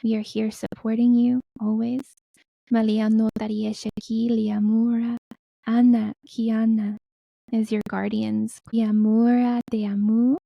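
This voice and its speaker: A woman guiding a meditation in a soft, slow, soothing way. She drops into whispers and chants in an invented light language. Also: fairly high pitch, flat delivery, creaky, dry recording, dull audio. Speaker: guest spiritual healer. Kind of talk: guided meditation.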